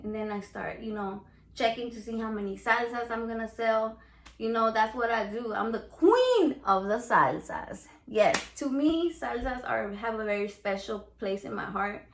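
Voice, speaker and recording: A Mexican American woman with a Chicano English accent hosts a casual home cooking vlog. She talks in a brash, playful, profane way, and her voice sits a bit high. The sound bounces around a roomy home kitchen. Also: expressive, normal speed, slight background noise. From United States, Mexican American. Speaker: home cook and salsa seller. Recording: echoey room.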